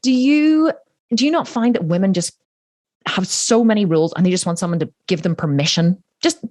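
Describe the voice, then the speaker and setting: A woman's voice: lowish voice, a little fast, darkish tone, dry recording, clean studio sound. A woman, hosting a podcast, blunt and ranting, swearing freely. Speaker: podcast host. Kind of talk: casual interview chat.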